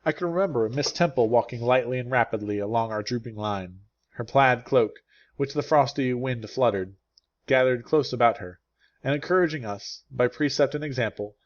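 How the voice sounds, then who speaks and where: Male audiobook narrator, mid-pitched, steady and clear; slightly dull lo-fi recording. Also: moderate pace. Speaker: English teacher reading a novel aloud.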